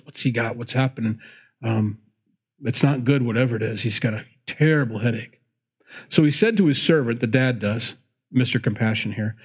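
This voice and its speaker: There's a breathy edge to this man's mid-range voice as he delivers a sermon. He reads from scripture, interrupts himself with chatty remarks, and self-corrects.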